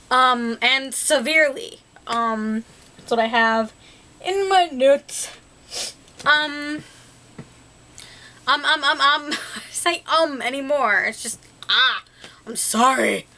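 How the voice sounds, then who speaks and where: In her casual personal vlog, this young woman rambles, leans heavily on fillers, and keeps laughing at herself. She speaks in a high, bright, forceful voice.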